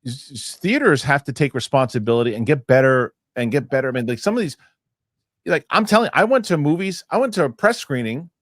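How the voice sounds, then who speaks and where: A man's voice: medium pitch, fast talker, no echo, studio quality. A man co-hosting a casual film podcast, telling stories with lots of swearing. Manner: animated storyteller, swears freely. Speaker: podcast co-host.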